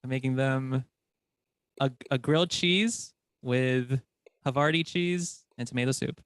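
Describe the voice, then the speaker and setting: A man's voice: mid-range voice, unhurried, fairly bright tone, clean tone, no echo, studio quality. A man from the US, a guest on a video-call interview, giving short, hesitant answers with lots of fillers. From USA.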